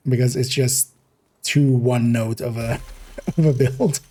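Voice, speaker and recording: A man's voice: mid-range voice, steady tone, takes it slowly, dark tone, slightly rough. A man streaming a game, rambling casually as he plays, chuckling often and correcting himself mid-thought. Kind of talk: casual gameplay commentary.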